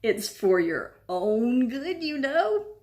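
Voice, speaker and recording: A woman's voice: a little high, big pitch swings, slow pace, a little mellow, voice pushed up. A woman voicing a mischievous male poltergeist who taunts in a sing-song way. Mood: taunting sing-song.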